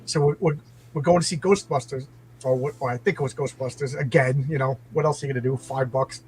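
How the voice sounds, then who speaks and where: A man's voice: mid-range voice, fairly even intonation, a little fast, a little mellow, a little hiss or hum, low-quality recording. A middle-aged man from New York telling stories casually, rambling with lots of restarts. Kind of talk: casual storytelling in conversation.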